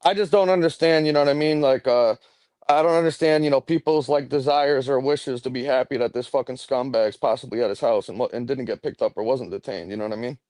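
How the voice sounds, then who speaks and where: A man's voice: mid-range voice, fairly even intonation, fast, a little mellow, dry recording. Heated man ranting on a stream. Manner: heated, profane, repeats himself. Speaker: live stream co-host. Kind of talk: casual chat.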